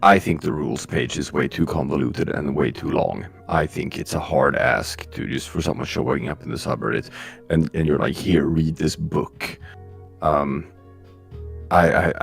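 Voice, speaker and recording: Deep, husky male co-host murmuring close to the mic on a casual stream, faint music behind. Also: a little slow. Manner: speaking low and close to the mic. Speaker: subreddit moderator on a livestream. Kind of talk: casual livestream chat. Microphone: close desktop mic.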